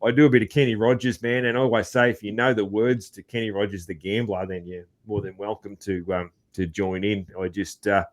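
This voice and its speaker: An Australian man hosting a podcast, talking in a relaxed, rambling way with lots of fillers and calling his guest man. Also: fairly low pitch, fairly quick, hardly any pauses. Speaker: podcast host. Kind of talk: casual interview chat.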